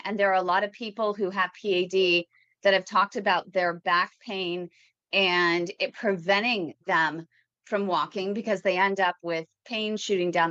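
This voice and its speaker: A woman's voice: medium pitch, pushed and bright, no room sound, lo-fi sound. A woman hosting a live podcast, talking in a chatty, rambling way with fillers and restarts. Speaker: podcast host. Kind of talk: casual live podcast talk.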